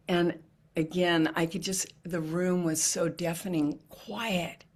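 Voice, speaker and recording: A woman's voice: on the low side, steady tone, slow pace. A middle-aged woman giving a heartfelt storytelling talk as an inspirational speaker. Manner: earnest, heartfelt, softening to hushed.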